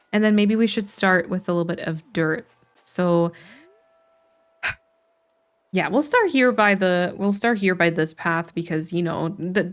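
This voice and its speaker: A woman's voice: on the low side, clean tone. A woman streamer chatting casually while playing a game, thinking aloud with restarts and light laughs.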